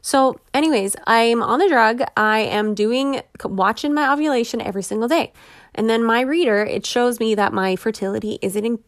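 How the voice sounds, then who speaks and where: A woman's voice: a little high, moderate pace, no room sound, clean studio sound. A woman in her thirties hosting a podcast, talking candidly and chattily with frequent laughs, openly frustrated. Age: 30s. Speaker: podcast host. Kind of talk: personal podcast monologue.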